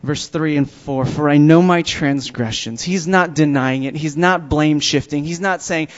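A man in the pulpit delivering a sermon to his congregation, his voice sitting a little high for a man. He preaches emphatically, drawing out and stressing the words that matter. The recording sounds dull and lo-fi. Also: unhurried, hardly any pauses. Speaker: pastor. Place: church before a congregation.

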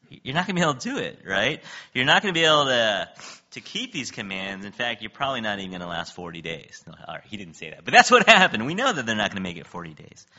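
A male pastor gives an animated sermon, and his pitch swings widely as he talks. His voice is strongly sharp and forceful, and he often checks in with the listeners. The recording sounds somewhat dull and lo-fi. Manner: animated, laughs often, keeps asking "right?".

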